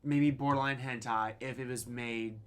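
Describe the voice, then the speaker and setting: A man's voice: mid-range voice, steady tone, moderate pace, clear, resonant tone. A man co-hosting a podcast, chatting casually and rambling enthusiastically with frequent swearing. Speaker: podcast co-host. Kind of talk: casual chat.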